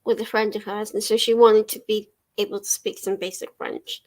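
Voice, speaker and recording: Reading viewer messages aloud, a young livestream host chats casually from her living room with frequent laughter and mild swearing. She speaks at a moderate pace in a level, medium-pitched voice with a darkish tone.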